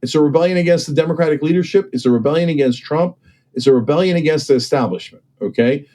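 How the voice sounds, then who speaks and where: A man's voice: on the high side, quick pace, warm tone. A man in an impassioned political discussion, talking emphatically and persuasively and often checking in with "okay?" and "right?". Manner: acts out other people's voices when quoting them. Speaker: political commentator and guest.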